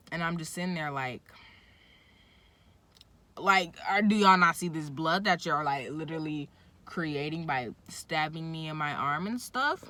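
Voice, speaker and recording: A young woman vlogger tells a casual story, animated and indignant, full of "like". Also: on the low side, slight background noise. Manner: animated, indignant retelling with lots of "like".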